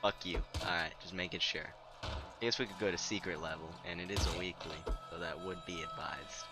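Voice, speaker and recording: A young man giving casual, profane commentary while playing a game. He sounds tired and sleep-deprived, and his mumbling breaks into sudden loud outbursts. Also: deep voice, steady tone, brisk. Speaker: gameplay commentator. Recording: game music playing underneath.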